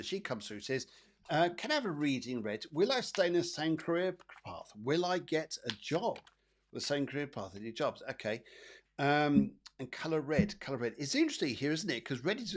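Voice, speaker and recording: Psychic guy doing live readings, rambly and chatty, says stuff twice, mid pitch. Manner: chatty, rambling, repeats phrases, fills with "da, da". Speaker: psychic medium host.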